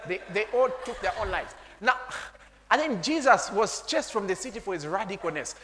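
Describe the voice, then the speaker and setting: A man preaching a sermon, animated, laughing often and breaking into shouts and tongues. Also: sits high, normal speed. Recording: long hall reverb.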